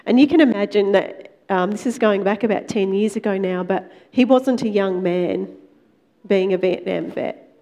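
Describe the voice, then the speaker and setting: Female speaker sharing a testimony, chatty and relaxed, dark mellow timbre. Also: medium pitch, moderate pace. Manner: conversational, animated retelling with quoted dialogue. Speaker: Christian speaker. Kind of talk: testimony storytelling sermon.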